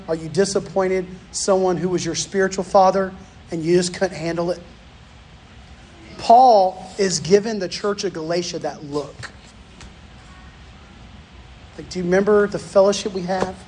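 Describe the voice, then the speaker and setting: High-voiced storytelling pastor, folksy. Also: male voice, darkish tone, a little hiss or hum. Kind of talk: sermon with personal stories.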